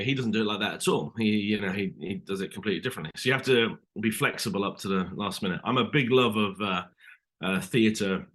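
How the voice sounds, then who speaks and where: British man, low voice, lots of fillers. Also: a bit bright. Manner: hesitant, many fillers and restarts. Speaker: actor guest. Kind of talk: casual interview chat.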